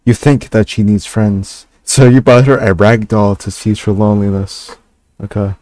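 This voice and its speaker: A man reading a text game aloud and stopping for hesitant, halting asides with fillers and restarts. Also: fairly low pitch, flat delivery, warm tone, dry recording. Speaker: gaming channel host.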